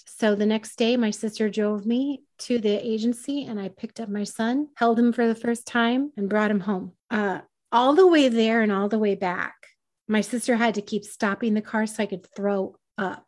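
A woman's voice: medium pitch, normal speed, darkish tone. A woman guest on a podcast, telling a personal story in a candid, self-deprecating way.

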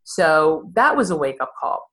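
Guest, woman, 60s, low voice, candid and self-deprecating storyteller. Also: big pitch swings, unhurried, fairly bright tone. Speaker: therapist and podcast guest. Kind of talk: conversational interview storytelling.

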